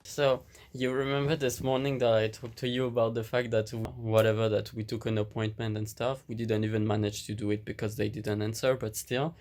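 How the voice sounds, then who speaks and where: A man's voice: on the low side, little pitch movement, fairly quick, few pauses, a little mellow, soft background music. A young man, chatting casually as a travel vlogger, rambling with lots of "like" and restarts. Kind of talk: casual travel vlog chat. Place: outdoors on busy city streets. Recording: noisy street recording with traffic. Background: traffic noise.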